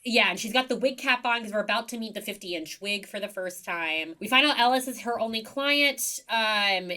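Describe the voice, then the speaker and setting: A young woman co-hosting a podcast, recapping a TV episode in casual, animated chat full of likes and ums. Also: fairly high pitch, normal speed. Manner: chatty, animated storytelling with many likes and ums. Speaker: podcast co-host.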